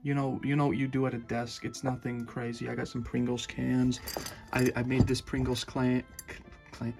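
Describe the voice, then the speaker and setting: Gravelly rambling Southern young man. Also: medium pitch, completely flat delivery, moderate pace, music in the background. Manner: rambling, hesitant, many fillers and restarts. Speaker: YouTuber giving a room tour. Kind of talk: casual rambling vlog. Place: bedroom.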